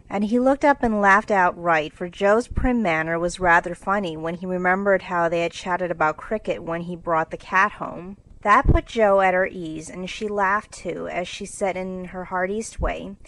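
A woman narrating a classic novel in a measured, clear reading for English learners. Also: fairly low pitch, rough recording.

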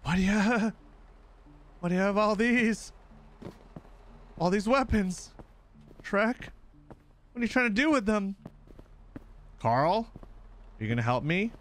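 Young guy yelling through a horror game, high voice, wild pitch jumps. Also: takes it slowly, long pauses. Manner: excitable, yelling and laughing. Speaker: gaming video host.

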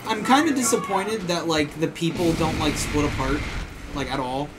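A man's voice: fairly high pitch, moderate pace, heavy background noise. A man co-hosting a let's play, chatting casually and swearing while playing. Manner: laid-back, swears casually, laughs a lot. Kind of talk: casual gaming commentary. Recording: game music behind.

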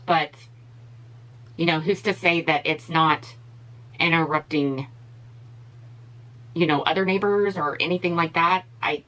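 A woman's voice: lowish voice, a little slow, pauses often, bright, forceful tone, poor audio. A woman beauty vlogger giving blunt, opinionated commentary in a casual chat while she does her makeup.

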